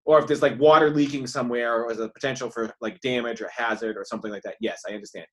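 A man's voice: medium pitch, fairly even intonation, quick pace, a bit bright. A man co-hosting a casual chat, reacting emphatically with some stumbles. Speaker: co-host.

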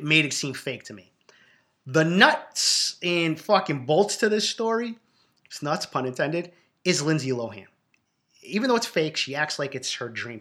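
A Boston man with a Boston accent delivers a casual, profanity-laced rant about reality shows. He is blunt and ranting throughout. His voice is bright and forceful, at an ordinary middle pitch. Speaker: reality TV reviewer.

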